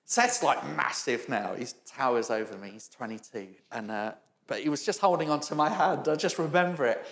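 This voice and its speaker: A man's voice: medium pitch, lively intonation, moderate pace, a bit bright, roomy sound. A middle-aged man preaching a storytelling sermon, chatty and self-mocking and often laughing. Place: church hall.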